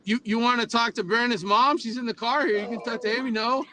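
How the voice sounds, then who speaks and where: A sports reporter on a phone call from a moving car, easygoing and laughing, often stammering on a word. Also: male voice, very high-pitched, steady tone, fast talker, pushed and bright. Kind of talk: casual chat. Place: in a car with passengers. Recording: faint road noise.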